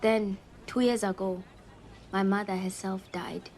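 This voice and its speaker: A woman's voice: medium pitch, steady tone, a little slow, darkish tone, a little hiss or hum, close to an everyday voice. A woman playing an earnest, polite young woman client telling her family story.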